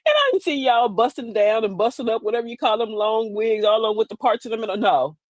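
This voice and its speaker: A woman in her forties hosts a casual livestream monologue and talks straight to her viewers. Her pitch sits fairly high and swings widely as she performs the quoted voices. The sound is dry and close. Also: animated, quick pace, dry recording. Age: 40s. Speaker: livestream host.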